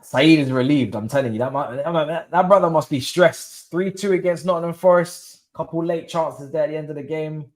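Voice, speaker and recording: Young bloke streaming a footy watchalong, hyped, slangy, talking to chat. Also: male voice, on the high side, normal speed, few pauses. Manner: excitable, slangy, chatting with live chat. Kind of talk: live football watchalong commentary.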